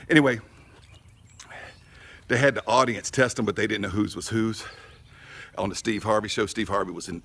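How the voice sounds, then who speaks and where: A man's voice: medium pitch, gravelly, fairly bright tone, breathy edge. A middle-aged man, telling a rambling story casually in his barbecue vlog, outdoors by his smoker. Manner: folksy, rambling, chatty storyteller. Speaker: barbecue channel host.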